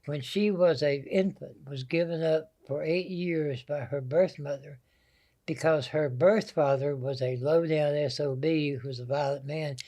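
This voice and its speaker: An older man with a Southern American accent speaks in a fairly high, dark-toned voice, steady and unhurried. He's a guest in a storytelling interview, spinning folksy, anecdotal family tales.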